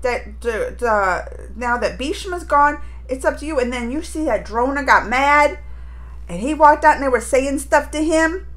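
Casting note: high-pitched woman host, rambling and heartfelt, casual reaction-video chat. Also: lively intonation, a little slow, fairly bright tone. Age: adult mother. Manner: rambling, emotional, chatty.

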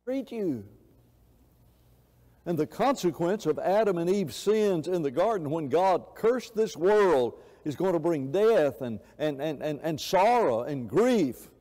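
A man's voice: on the high side, animated, slow, mellow. A man preaching a sermon in an impassioned way, often repeating words and restarting phrases. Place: church sanctuary. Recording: echoey church hall.

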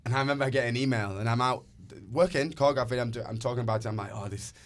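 Lively man telling stories fast. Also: medium pitch. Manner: animated storyteller, acts out dialogue. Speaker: guest dancer and choreographer. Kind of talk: casual podcast conversation.

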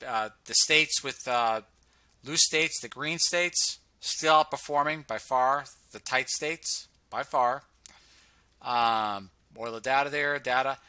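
A man's voice: mid-range voice, slow, pushed and bright, clear, resonant tone, no room sound. A man casually talking through charts on screen, sarcastic and humming filler sounds while he scrolls. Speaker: presenter reviewing health data on screen. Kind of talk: casual screen-share commentary.

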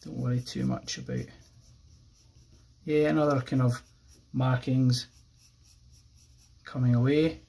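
Gravelly man teaching a drawing lesson. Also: mid-range voice, slow pace, pauses often. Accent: Irish. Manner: relaxed, thinking aloud while drawing. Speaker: art teacher. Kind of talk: drawing tutorial narration.

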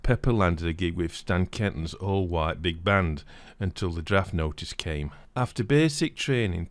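A man narrating a scripted video essay in a steady reading voice. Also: low voice, no echo. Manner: steady reading, livelier when reading quoted passages.

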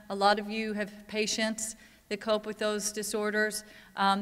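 A woman's voice: mid-range voice, fairly bright tone. A woman giving a candid, conversational conference talk, telling a personal story to an audience. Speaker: conference speaker, parent advocate. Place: conference hall. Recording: long reverb from a large hall.

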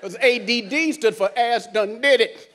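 Man, stand-up comedian, high-pitched, animated, stage set with faint ambience. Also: normal speed, a faint crowd, slight background noise. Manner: animated, acts out characters, laughs along. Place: cruise ship theater stage.

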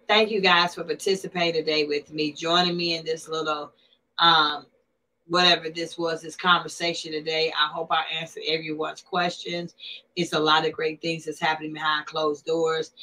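A woman hosting a casual livestream, chatting back to viewers' comments in an animated way. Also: low-pitched, low-quality recording. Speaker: livestream host.

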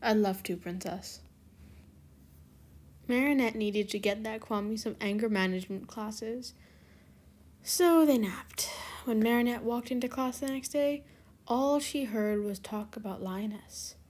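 A woman's voice: on the high side, unhurried, a little mellow. A young woman reading her own fan fiction aloud, scattered and self-deprecating in her chatty intro. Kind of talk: casual narration of a fan story.

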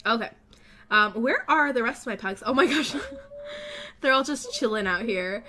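A young woman giving casual gameplay commentary as a let's play host, gushing and excitable, often gasping. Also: medium pitch, unhurried.

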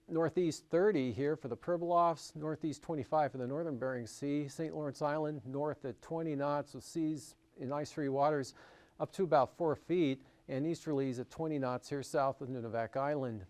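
A man's voice: a little high, fairly even intonation, normal speed, a little mellow. A man with an American accent presenting a broadcast marine and weather forecast, talking it through loosely with frequent fillers.

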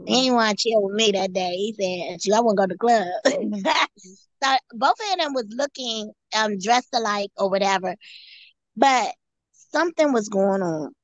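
A woman guest giving an earnest personal testimony, halting and often repeating or restarting her phrases. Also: medium pitch, no echo, highs cut off. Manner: earnest storytelling.

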